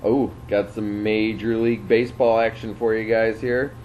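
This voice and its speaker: A man's voice: fairly low pitch, little pitch movement, moderate pace, darkish tone, lo-fi sound, a little hiss or hum. A man co-hosting a casual sports picks show, reading out team records and giving his picks in a dry, offhand way.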